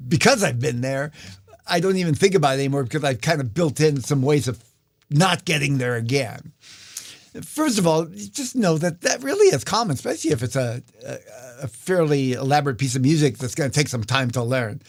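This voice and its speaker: Relaxed man teaching a live lesson. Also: a little high, fairly quick. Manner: relaxed, explanatory, many fillers. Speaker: guitar teacher.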